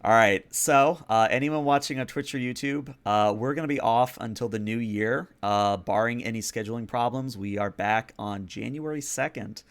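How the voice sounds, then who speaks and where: A man running a tabletop vampire game as game master, narrating in a relaxed, casual way with fillers. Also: medium pitch, normal speed, few pauses, clear, resonant tone.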